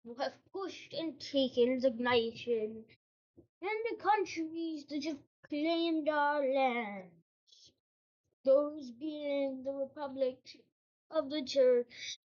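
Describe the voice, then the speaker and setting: A woman's voice: high voice, very slow, a little mellow, lo-fi sound, pitched above the performer's own voice. A woman voicing a president giving a formal declaration speech, putting on an accent she admits she is bad at. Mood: declaring. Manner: a self-admittedly clumsy put-on accent.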